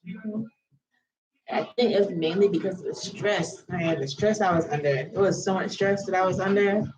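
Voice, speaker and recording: Frank woman telling a storytime. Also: fairly low pitch. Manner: frank, casual, swears freely. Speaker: vlogger. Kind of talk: candid storytime. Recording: slightly dull lo-fi audio.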